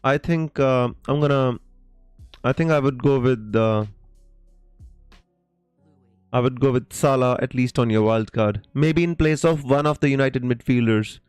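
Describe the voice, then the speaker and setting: A man's voice: mid-range voice, fairly even intonation, measured pace, pauses often, darkish tone, clean tone, dry recording, faint music behind. A man hosting a live stream, casually answering viewer questions with many fillers and restarts and calling people mate. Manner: reads viewer comments aloud.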